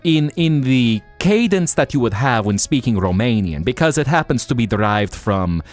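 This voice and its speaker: A man hosting a live stream, chatting casually in an animated, rambling, jokey way. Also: mid-range voice, normal speed, faint music behind.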